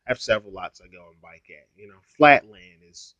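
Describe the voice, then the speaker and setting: A man's voice: on the low side, animated, brisk, noisy background. A young adult man telling a story on his vlog in a blunt, heavily profane, ranting way. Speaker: YouTuber. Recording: dull lo-fi sound, dry.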